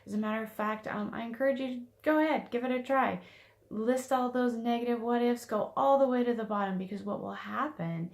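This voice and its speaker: A woman's voice: on the high side, brisk, creaky. A woman success coach giving a casual weekly motivational talk, chatty with fillers and restarts.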